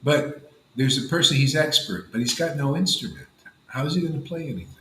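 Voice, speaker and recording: A man's voice: a little high, animated, brisk, sharp tone, reverberant, slight background noise, poor audio. A man leading a gathering of devotees, giving an informal devotional talk in a rambling, conversational way full of "you know" and "man". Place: room with a gathered group of listeners.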